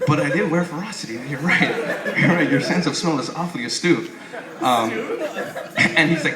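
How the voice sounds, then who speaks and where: A man's voice: a little high, normal speed. A young man doing a stand-up comedy set, rambling, swearing and stammering through restarts. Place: comedy club stage. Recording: echoey club with crowd noise. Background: audience laughing.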